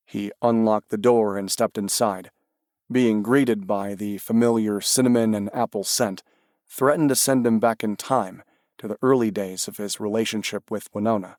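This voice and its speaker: A man's voice: fairly low pitch, fairly even intonation, moderate pace, darkish tone, dry recording. Male audiobook narrator, dry close sound.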